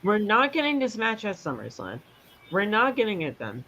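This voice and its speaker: A man on a casual podcast, ranting with heat and frequent swearing. His pitch swings widely as he vents, now low and grumbling, now climbing in frustration. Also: huge pitch swings, moderate pace, sharp tone, slight background noise, rough recording. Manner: heated, swearing, fan ranting. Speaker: podcast co-host. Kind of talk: casual chat.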